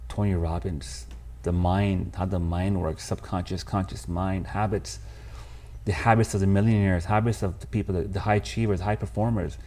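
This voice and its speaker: A man, speaking in a fairly low voice. He tells his story to a podcast host with raw, candid emotion, dropping "bro" and "man" as he goes. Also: steady tone, normal speed, darkish tone. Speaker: podcast guest. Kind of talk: casual storytelling interview.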